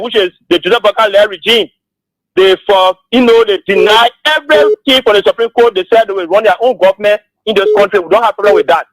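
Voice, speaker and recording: A man's voice: high-pitched, dry recording, low-quality recording. A man calling into a radio show, polite and thanking repeatedly. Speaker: caller.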